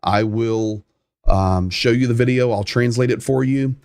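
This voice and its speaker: A man's voice: mid-range voice, a little slow, a little mellow, no room sound, studio quality. A man hosting a live war update stream, translating clips and stressing points by repeating himself. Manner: emphatic, repeats phrases for stress.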